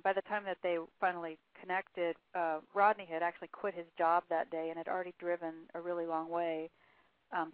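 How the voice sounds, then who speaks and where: Over a phone line, a woman author being interviewed recounts a case at length, reading quotes aloud and using frequent fillers. Her voice sits on the low side, with no echo.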